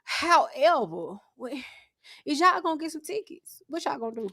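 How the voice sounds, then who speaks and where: A woman's voice: sits high, sing-song, creaky, bright, forceful tone. A woman co-hosting a casual podcast, joking wryly as she tells her stories. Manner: wry, joking, drawn-out storytelling. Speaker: podcast co-host.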